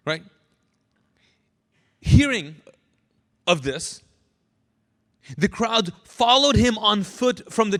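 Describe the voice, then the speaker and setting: A man preaching a sermon as pastor, animated and drawing answers out of his congregation. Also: high voice, in a large hall. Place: church sanctuary.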